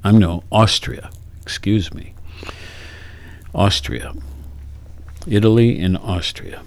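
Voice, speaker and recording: Unhurried, low-voiced male radio host. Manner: unhurried, with fillers and self-corrections. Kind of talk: casual radio talk. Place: radio studio. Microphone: studio microphone.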